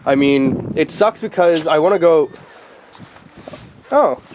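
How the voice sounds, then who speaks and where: A man's voice: a little high, animated, slow, pauses often, darkish tone, slight background noise. A man talking to the camera in a casual vlog, earnest and reflective in a chatty way. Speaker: vlogger.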